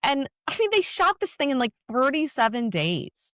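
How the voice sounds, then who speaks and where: A woman co-hosting a podcast in casual chat, speaking enthusiastically but haltingly with many restarts. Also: high voice, very animated, a bit bright, no echo, studio quality. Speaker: podcast co-host.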